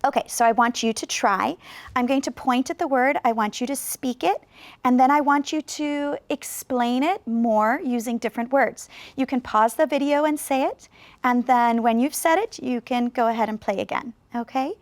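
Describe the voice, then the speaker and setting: Casting: high-voiced female ESL teacher, slow clear encouraging delivery. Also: dry recording. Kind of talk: video lesson to learners.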